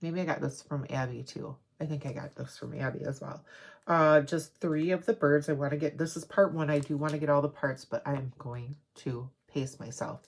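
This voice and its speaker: A woman hosting a crafting video, chatting casually and rambling excitedly as she shows off her haul. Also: low-pitched, moderate pace. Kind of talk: casual show-and-tell haul.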